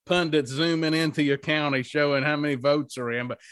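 A man's voice: fairly high pitch, steady tone, brisk, fairly bright tone, clean tone, no echo, studio quality. A man with a Southern accent hosting an interview in a folksy, friendly way. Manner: folksy, uses "y'all". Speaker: podcast host.

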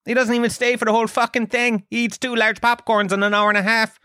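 A man hosting a podcast, telling a comic story in a profane, ranting, animated way. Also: very high-pitched, quick pace, dry recording, studio quality. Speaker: podcast host.

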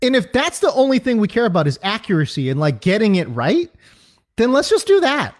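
A man's voice: sits high, big pitch swings, brisk. A man talking sports casually as a podcast co-host, ranting with lots of fillers and repeated words. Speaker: fantasy football podcast co-host.

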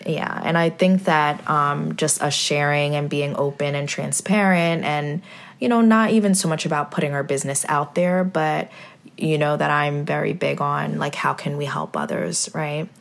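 Gravelly low-voiced mother hosting a podcast. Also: fairly even intonation, normal speed. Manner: earnest, faith-filled, many fillers. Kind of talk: heartfelt podcast conversation.

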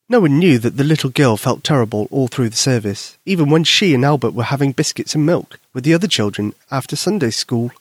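A man's voice: mid-range voice, no echo, clean studio sound. Man reading a bedtime story. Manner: gentle, expressive reading. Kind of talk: children's story narration.

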